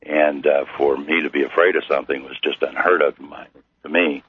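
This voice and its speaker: A middle-aged man from Missouri, a guest telling his story slowly with many pauses and fillers. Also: very deep voice, steady tone, husky, no room sound. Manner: slow, halting with many fillers. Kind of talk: storytelling interview. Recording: tinny phone-like radio line.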